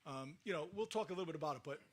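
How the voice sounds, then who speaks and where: A man's voice: on the high side, lively intonation, racing. A man, the mayor, giving a ceremony speech and thanking officials one by one. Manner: loud, thankful, listing names.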